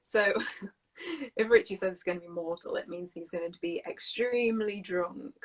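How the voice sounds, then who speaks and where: A woman's voice: fairly low pitch, moderate pace, rough recording. A woman chatting casually on an English-learning live stream, explaining slang words with many "like" fillers.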